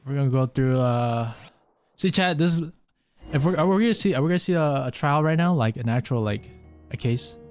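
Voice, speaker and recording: A man's voice: mid-range voice, fairly quick, clean tone, faint music behind. Joking, profane male game streamer. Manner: joking, profane, self-mocking. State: tired strained throat. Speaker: gaming streamer. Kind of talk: casual gameplay commentary.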